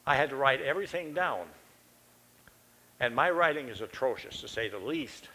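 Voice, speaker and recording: A man's voice: medium pitch, lively intonation, moderate pace, pushed and bright, rough recording. An older man preaching a sermon in a church, telling a personal story in a folksy, conversational and self-deprecating way.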